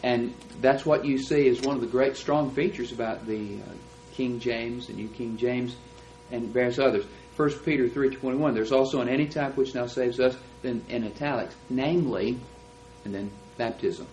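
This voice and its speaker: A man's voice: medium pitch, normal speed, a little mellow, a little hiss or hum, rough recording. A man teaching a Bible class, explaining texts in an emphatic, lecturing way. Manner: emphatic, explanatory, stresses key words.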